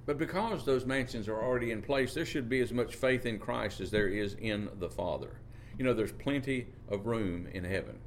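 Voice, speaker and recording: Man, preacher, sermon, emphatic drawn-out phrasing, mid-range pitch. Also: slight background noise. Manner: reads scripture in King James wording.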